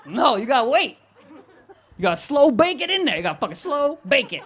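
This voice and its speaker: A man's voice: extremely high pitch, very animated, a little fast, fairly bright tone, breathy edge. A young man doing live stand-up comedy, brash and profane, laughing and riffing on the crowd.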